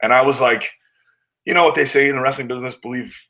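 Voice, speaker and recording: A man's voice: mid-range voice, steady tone, quick pace, sharp tone, rough recording. Candid male wrestler telling stories. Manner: candid, acts out quotes of others, swears. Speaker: guest, pro wrestler. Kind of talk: casual storytelling interview.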